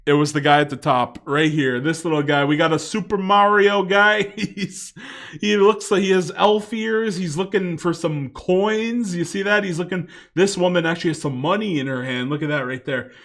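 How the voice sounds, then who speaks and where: Rambling man with a higher voice. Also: fairly even intonation, normal speed, fairly bright tone. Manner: rambling, filler-heavy, chuckling asides. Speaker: video commentator. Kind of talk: casual commentary vlog.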